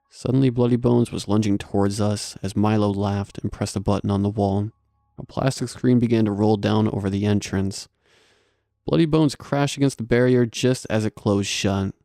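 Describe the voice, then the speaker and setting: Gravelly low-voiced male horror narrator. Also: dry recording, studio quality, soft background music. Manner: steady, measured storytelling.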